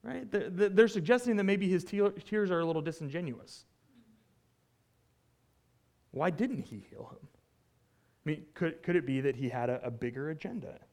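A man preaching a conversational sermon, retelling a scripture story with animated asides and frequent "right?" check-ins. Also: on the high side, normal speed, long pauses. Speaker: pastor.

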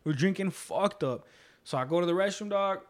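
A man in his twenties telling animated stories in casual chat, full of slang and swearing, acting out his relatives. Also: sits high, moderate pace. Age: 20s.

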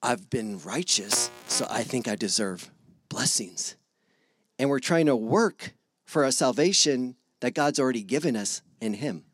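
A man preaching a casual, animated sermon to his congregation, acting out little dialogues with God. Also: medium pitch, unhurried, husky. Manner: animated, acts out God and listeners in voices.

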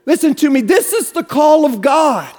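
A man with a strikingly high voice delivers a sermon in a church. His preaching is fervent, rising into a musical, rhythmic cadence as he presses the congregation to respond. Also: sing-song, moderate pace, darkish tone, faint music behind. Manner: fervent preaching, rhythmic sing-song cadence, urging the crowd. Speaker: pastor.

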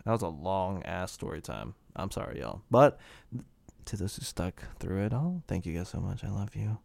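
An American man co-hosts a podcast, telling rambling, joke-filled stories and laughing often in a casual chat. His low, gravelly voice is very animated with a darkish tone at normal speed, and the recording is dry.

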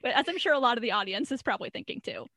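A woman's voice: a little high, rapid-fire, no echo, studio quality. A young woman co-hosting a podcast, recapping a sitcom episode in casual chat and acting out the characters' lines with frequent laughs. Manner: animated storyteller, acts out quotes, laughs often.

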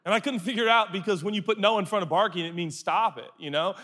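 A man's voice: high-pitched, fast. A man preaching a sermon to a live audience, telling comic stories and acting out voices. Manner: animated, acts out voices for comic anecdotes. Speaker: pastor. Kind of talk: sermon storytelling. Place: large hall with audience. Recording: long hall reverb.

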